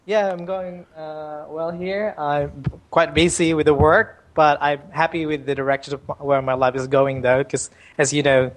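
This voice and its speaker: A man chatting as a podcast guest, friendly and hesitant, with many restarts and pauses. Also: on the high side, flat delivery. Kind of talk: casual chat.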